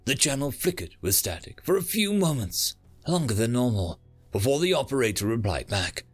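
A man reading a science fiction story aloud as narrator, with dramatic, lively delivery. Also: mid-range voice, moderate pace, husky. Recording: faint music behind.

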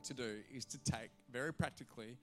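A male pastor preaching a sermon to a church congregation, animated and acting out the voices in his stories. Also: medium pitch, brisk, faint music behind. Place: church auditorium.

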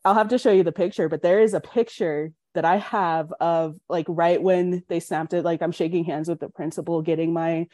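Speaking at a normal speed with few pauses, this fairly low-pitched young woman from Colorado guests on a podcast and frankly recounts her life, performing other people's dialogue with animation. There is no room sound, and the quality is studio-grade.

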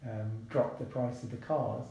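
Man, gravelly, mellow tone, chatty podcast guest. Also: medium pitch, a little slow, a little hiss or hum. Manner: relaxed, chatty, many asides. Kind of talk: casual interview talk. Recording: very echoey room.

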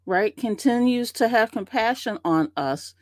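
A woman's voice: fairly high pitch, lively intonation, unhurried, no echo. Affirming woman co-host, dry sound. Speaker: ministry podcast co-host. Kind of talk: conversational Bible discussion.

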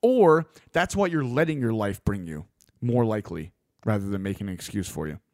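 A man delivering a blunt, opinionated monologue as a host, swearing freely and getting animated. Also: fairly low pitch, brisk, no echo, clean studio sound.

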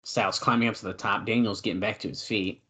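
A young adult man co-hosting a casual wrestling watch-along podcast, excitedly calling the moves and chatting between them. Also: fairly low pitch, fast. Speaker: podcast co-host.

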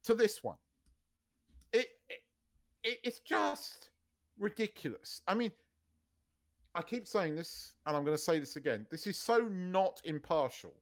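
Male podcast co-host, animated, heated opinionated delivery, profane and repetitive. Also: high-pitched, a little slow, pauses often. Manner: ranting, swearing, repeats words. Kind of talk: casual opinionated chat.

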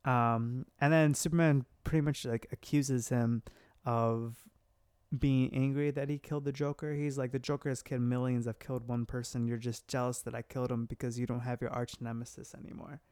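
Man, casual chat, animated retelling, smooth clear voice, dry close sound. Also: medium pitch, fairly quick, no room sound. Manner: animated retelling, quoting characters with laughs. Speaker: podcast co-host recapping a story.

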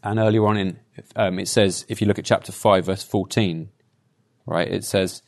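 A man's voice: low-pitched, steady tone, normal speed, creaky. A man giving a conversational sermon, telling personal stories and often adding tag questions like "right?". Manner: chatty, anecdotal, frequent tag questions. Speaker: preacher.

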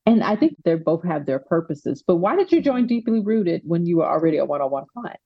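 A woman's voice: on the low side, big pitch swings, a little fast, slightly rough, no room sound, highs cut off. A woman coach hosting her podcast, asking direct, probing questions in a casual interview.

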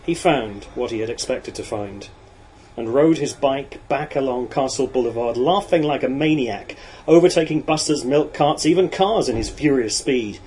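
A man narrating a novel in a measured, even storytelling voice. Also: mid-range voice, rough recording. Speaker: audiobook narrator. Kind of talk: reading a novel aloud.

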